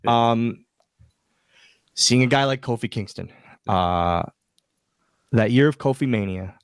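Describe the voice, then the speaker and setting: Gravelly-voiced male podcast guest, animated storyteller who acts out quotes. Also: mid-range voice, slow, no echo, studio quality. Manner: animated anecdotes with acted-out quotes. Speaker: podcast guest, wrestler and wrestling school owner. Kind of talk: casual interview storytelling.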